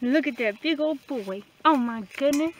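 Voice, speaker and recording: A woman's voice: high voice, normal speed. A woman homestead vlogger chatting casually outdoors in a pasture, cooing in baby talk to her goats and calling them in. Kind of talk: casual farm vlog chat.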